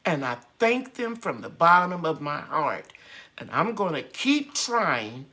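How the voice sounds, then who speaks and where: A woman's voice: sits low, big pitch swings, slow pace, bright, forceful tone. A woman hosting a gardening channel's live stream chat, talking in a heartfelt, grateful and encouraging way.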